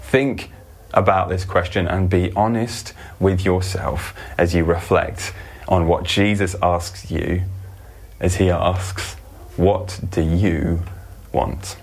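A male preacher giving a sermon in an earnest manner, slowing down to stress scripture. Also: deep voice, steady tone.

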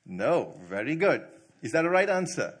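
A man preaching to church leaders, quizzing the audience and telling stories with animated delivery. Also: fairly high pitch, moderate pace, husky. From not from India. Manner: animated, asks the audience questions, laughs easily. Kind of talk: sermon.

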